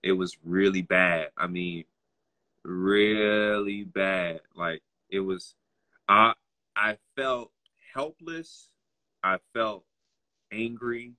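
A man's voice: low-pitched, slow, pauses often, sharp tone. A young man telling personal stories in casual conversation, acting out other people's lines in a raised voice.

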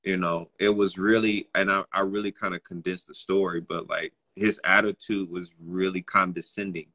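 A young man with a low, bright, forceful voice tells personal stories in relaxed conversation. He acts out the other people in his stories with lively changes of voice. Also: normal speed. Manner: animated, acts out other people's lines in a raised voice. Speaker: guest telling personal stories. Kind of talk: casual conversational storytelling.

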